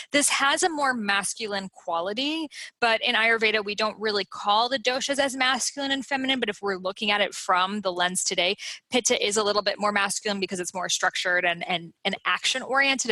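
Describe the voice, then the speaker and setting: A woman explains Ayurveda in a lively podcast chat. Her tone is bright and clear, and she breaks into little acted-out voices. The sound is dry and close, with no room echo. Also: medium pitch. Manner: animated, acts out quick character voices. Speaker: Ayurveda teacher, podcast guest. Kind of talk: casual podcast conversation.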